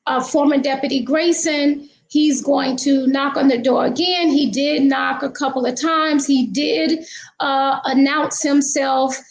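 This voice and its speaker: Woman, true crime commentator, unhurried, high voice, halting with fillers. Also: poor audio. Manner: slow, halting, many fillers. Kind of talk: casual commentary.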